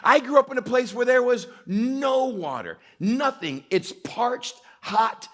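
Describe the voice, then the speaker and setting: Animated, high-voiced pastor from West Texas. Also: male voice, slow pace. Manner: storytelling with self-mocking humor, often laughing. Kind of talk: interactive sermon to a young adult crowd. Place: church meeting hall.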